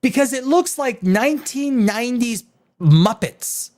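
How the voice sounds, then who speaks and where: A man hosting a live stream, ranting casually with profanity, jumping between loud outbursts and low mutters. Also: animated, unhurried. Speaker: live show host.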